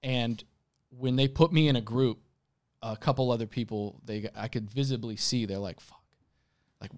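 A man's voice: mid-range voice, fairly even intonation, moderate pace. Brief: earnest male guest recounting a story, mid-range voice, stop-start delivery. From Greek heritage. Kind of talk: casual chat, telling a story.

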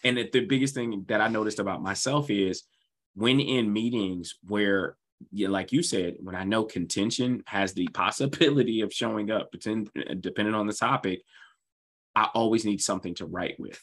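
Husky-voiced man, rambling host. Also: on the low side, normal speed, fairly bright tone. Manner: enthusiastic storyteller, rambling asides. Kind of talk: casual conversation.

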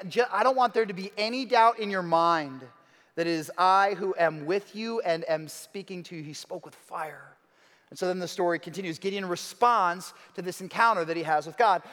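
A man preaching a sermon as pastor, dramatic, moving between hushed lines and emphatic ones. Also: sits high. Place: church hall. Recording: reverberant hall.

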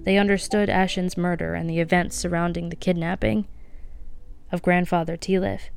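A woman reading a novel aloud as a podcast host, soft-spoken and lightly voicing the characters. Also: fairly low pitch, steady tone, normal speed, vocal fry. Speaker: audiobook reader.

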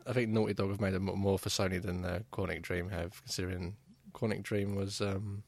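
A man's voice: low-pitched, flat delivery, a little fast, dry recording. A man chatting casually about video games, rambling with many fillers and restarts. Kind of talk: casual gaming chat.

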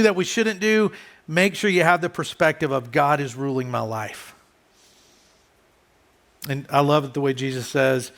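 A man, a pastor, preaching a conversational sermon who often drops soft and low for emphasis.

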